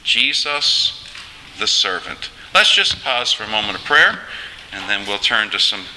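A man preaching a sermon in a measured, earnest way, turning to address listeners directly. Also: lowish voice, very animated, sharp tone, big-room sound, a little hiss or hum, low-quality recording.

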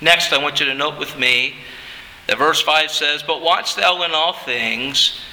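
Man, pastor, emphatic sermon, piercingly bright voice, hall reverb. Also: fairly high pitch, unhurried, a little hiss or hum. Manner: emphatic preaching, swelling to shouts.

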